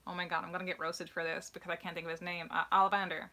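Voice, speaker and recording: A woman's voice: lowish voice, level tone, very fast, pushed and bright. A woman co-hosting a live stream, chatting casually and rambling with many fillers and restarts, getting emotional as she talks.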